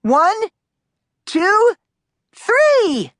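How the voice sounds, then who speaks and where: A woman voicing an energetic young boy, a helpful big brother, who calls out loudly in a storybook. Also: very high-pitched, drawn-out words, no room sound, clean studio sound, pitched above the performer's own voice, exaggerated voice. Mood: eager. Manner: loud, cheering counting.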